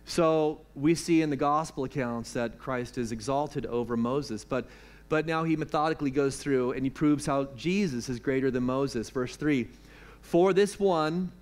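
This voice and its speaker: A male pastor preaches at an evening church service. His voice sits a little high, and he talks to the congregation conversationally, mixing jokes and questions into the teaching. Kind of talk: sermon.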